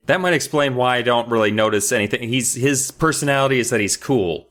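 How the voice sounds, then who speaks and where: A man's voice: mid-range voice, brisk, few pauses, a bit bright. A man co-hosting a podcast, recapping a book in casual, rambling, jokey chat with some swearing. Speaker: podcast co-host.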